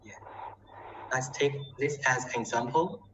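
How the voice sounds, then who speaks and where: A teacher leading a live online class who keeps filling pauses with "yeah", heard through distant, dull call audio. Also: medium pitch, roomy sound, background noise. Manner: fills with frequent "yeah".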